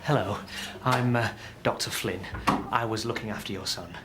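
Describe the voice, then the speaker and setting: An actor playing a nervous, flustered junior doctor in a sitcom, often whining and pleading. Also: male voice, on the low side, moderate pace, very noisy. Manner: anxious, flustered, whiny. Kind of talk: sitcom acting.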